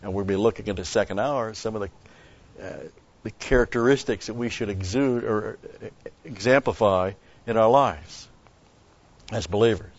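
Man, pastor, deliberate Bible teaching, lowish voice, muffled lo-fi sound. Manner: deliberate, stops to explain Greek word meanings. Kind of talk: expository Bible teaching sermon.

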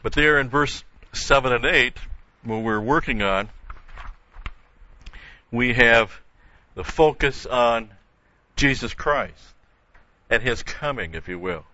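A man's voice: medium pitch, slow pace, long pauses, bright, forceful tone, no echo, highs cut off. An older man teaching a verse-by-verse Bible study, explaining carefully with frequent restarts and emphatic repetition.

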